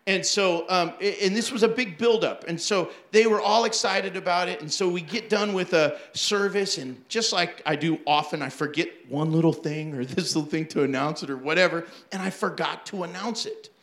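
A male pastor with a high, bright voice tells funny church stories from the pulpit. He acts out the people in them and laughs along as he goes. His voice rings around a roomy, echoing space. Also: moderate pace, hardly any pauses. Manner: animated, acts out quotes, laughs often. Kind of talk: storytelling sermon.

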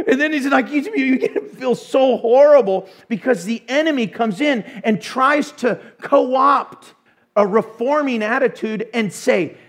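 A male pastor preaching a sermon in an animated way, acting out voices with sudden hushes and bursts. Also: very high-pitched, measured pace.

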